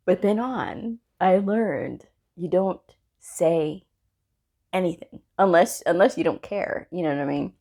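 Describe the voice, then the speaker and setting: A woman's voice: takes it slowly, long pauses. Chatty woman giving friendly career advice. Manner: chatty storyteller, often checks in with "okay?" and "you know what I mean?"; animated, jumps high in pitch when retelling. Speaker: medical coding vlogger. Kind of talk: casual advice vlog.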